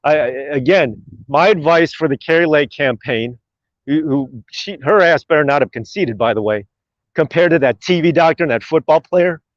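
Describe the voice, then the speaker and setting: A man's voice: fairly high pitch, animated, moderate pace, no echo. A man ranting with lots of swearing on a live stream while driving, recorded dry and muffled in his car. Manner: profane, rambling, opinionated. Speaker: livestream host. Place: in a car in traffic.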